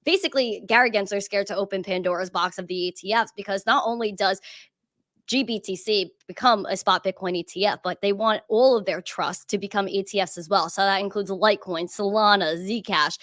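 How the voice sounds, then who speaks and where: A woman's voice: mid-range voice, a little fast, a bit bright, no room sound, clean studio sound. An American woman co-hosting a crypto live stream, upbeat and casual, saying "like" a lot. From United States. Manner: upbeat, heavy use of "like". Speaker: crypto news show co-host.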